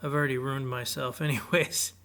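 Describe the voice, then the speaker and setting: A man's voice: medium pitch, flat delivery, fairly quick, a bit bright, a little hiss or hum. A man co-hosting an advice podcast, talking hesitantly and with self-doubt in casual chat. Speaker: podcast co-host.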